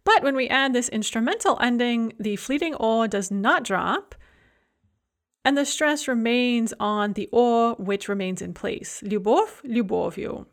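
A woman's voice: a little high, expressive, unhurried. Methodical woman teaching grammar. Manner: clear, methodical, reads example word pairs aloud. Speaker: language teacher. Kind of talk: grammar lesson with spoken examples.

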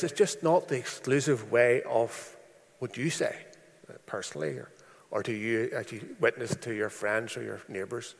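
A man delivers a sermon at a measured, deliberate pace. He lets his voice sink low and soft whenever he quotes a verse. The sound carries a long church reverb. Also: gravelly. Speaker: preacher.

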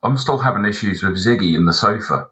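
A man's voice: fairly low pitch, lively intonation, quick pace, a bit bright, slight background noise, poor audio. A man co-hosting a podcast, telling long rambling anecdotes and swearing a lot. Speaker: podcast co-host. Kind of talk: casual chat.

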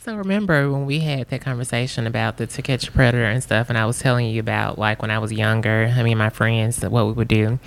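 A woman's voice: extremely low pitch, fairly even intonation, quick pace, creaky, hardly any pauses. A woman co-hosting a podcast, chatting casually in a playful, teasing way. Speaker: podcast co-host. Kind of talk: casual chat.

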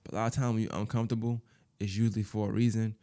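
A man in his thirties with a fairly low voice thinks out loud about his life in a personal monologue. He speaks softly and haltingly, restarting phrases and leaning on "you know" and "man". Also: flat delivery. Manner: halting, repeats words, fills with "you know"; soft-spoken and subdued.

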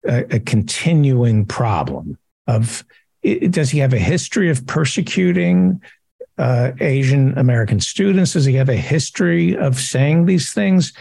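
A man interviewing a guest, asking questions in a slow, deliberate way. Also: medium pitch, animated, gravelly, a little mellow, husky, no echo.

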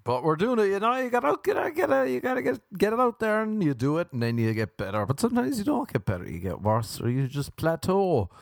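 A man's voice: high voice, huge pitch swings, fairly quick, gravelly, hardly any pauses, no room sound, clean studio sound. A man from Ireland with an Irish accent, hosting a solo comedy podcast, rambling through crude jokes and swearing. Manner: crude, swearing, jokey tangents and wordplay. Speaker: podcast host. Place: indoors at home by a window.

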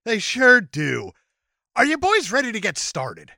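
A man's voice: very high-pitched, unhurried, vocal fry, no echo, clean studio sound. A man hosting a podcast, chatting casually and joking crudely. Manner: joking, profane, lively. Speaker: podcast host. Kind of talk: casual chat.

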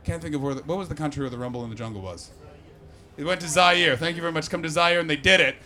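Bright-voiced, profane man doing stand-up. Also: on the high side, fast. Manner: profane, animated, crowd-teasing. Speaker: stand-up comedian. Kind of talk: stand-up comedy set. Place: comedy stage before a live audience.

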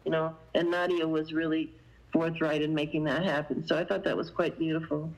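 A woman's voice: sits low, level tone, brisk, darkish tone, poor audio. A woman guest telling a long story in casual conversation, meandering and sprinkling in fillers. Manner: meandering, many "you know" fillers.

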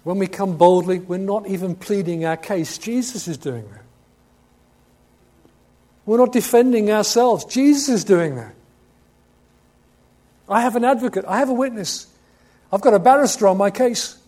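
A man preaching a sermon, stressing key words loudly, then dropping to quiet asides and asking the congregation questions. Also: high-pitched, normal speed, long pauses. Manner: emphatic, swings between loud urgent stress and quiet asides.

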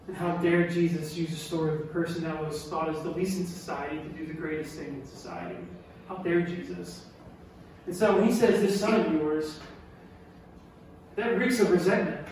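High-voiced preacher in an echoey hall. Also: male voice, normal speed, long pauses. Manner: animated, emphatic, repeats key lines, asks the audience questions. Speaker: pastor. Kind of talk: sermon. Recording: echoey hall from far off with faint noise.

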